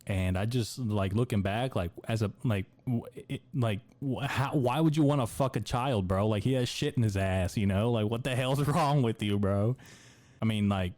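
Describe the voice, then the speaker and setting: A man's voice: fairly low pitch, moderate pace, darkish tone. A young man from the United States hosting a podcast, rambling through a crude, profane comedic monologue full of dude and bro. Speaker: podcast host.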